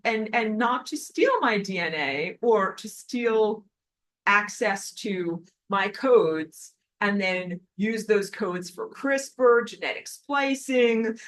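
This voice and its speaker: A woman teaches a recorded online spiritual lesson and responds to viewer comments, speaking emphatically and animatedly and repeating words for stress. Her voice is mid-range and the audio quality is poor.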